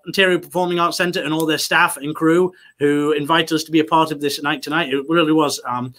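A Canadian man hosts a streamed comedy show and moves quickly through thanks and plugs. His voice is bright and slightly high, and his delivery stays upbeat and brisk throughout. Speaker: comedy festival director and host.

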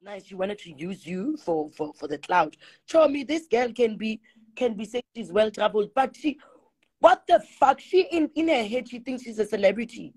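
A woman's voice: a little high, animated, normal speed, darkish tone, slightly rough. A woman hosting a casual chat, chatty and egging her guest on. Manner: chatty, egging on, begging viewers for money. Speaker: host.

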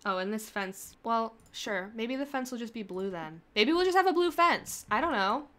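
A woman's voice: a little high, lively intonation, normal speed, fairly bright tone. A young adult woman chatting casually as she plays a building game, thinking aloud and laughing at herself. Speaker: gaming creator. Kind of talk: casual gameplay commentary.

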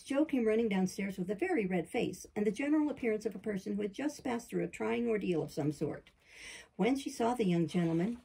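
A woman reads a classic novel aloud in a steady, measured way. Her voice is very husky and gravelly, with a dark, mellow tone. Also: mid-range voice, low-quality recording. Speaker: audiobook reader. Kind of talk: scripted narration of a classic novel.

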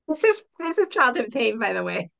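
A woman's voice: a little high, big pitch swings, fairly quick, vocal fry, sharp tone. A middle-aged woman, a parent coach, giving earnest, explanatory answers in an interview and acting out example talks with a child. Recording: dull lo-fi audio.

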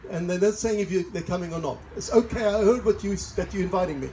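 South African male pastor, higher voice with a mellow, warm tone, chatty sermon full of asides. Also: quick pace, a little hiss or hum, poor audio. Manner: chatty, laughs at own asides. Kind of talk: sermon with personal stories. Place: church service in a greenhouse.

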